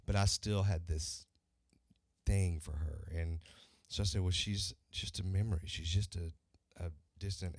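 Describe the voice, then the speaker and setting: Deep-voiced man telling stories. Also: no room sound. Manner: animated storyteller acting out quoted voices. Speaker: country singer guest. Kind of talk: casual interview storytelling.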